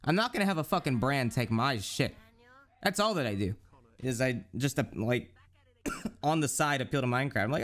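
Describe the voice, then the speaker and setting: Animated young male streamer, lively pitch. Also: fairly quick. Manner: animated, profane, joking rants; breaks into high squeaky voices to mimic others. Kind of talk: casual live-stream chat.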